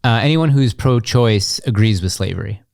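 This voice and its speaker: A man's voice: on the low side, lively intonation, normal speed, creaky, a little mellow, slight background noise. A young man co-hosting a podcast in casual chat, blunt and sarcastic, often acting out other people's lines. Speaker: podcast co-host. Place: podcast studio.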